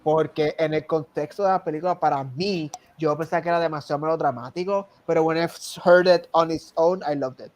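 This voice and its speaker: A Puerto Rican man chatting casually about movies on a podcast, mixing Spanish and English mid-sentence. He talks quickly and jokes around. His voice sits fairly high. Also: fairly even intonation. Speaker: podcast co-host. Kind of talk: casual film chat.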